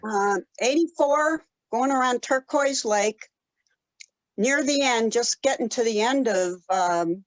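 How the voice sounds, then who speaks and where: A woman in her seventies from Colorado, telling stories in a casual interview with many pauses and fillers. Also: on the high side, no echo, poor audio. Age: 70s. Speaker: guest, ultrarunner.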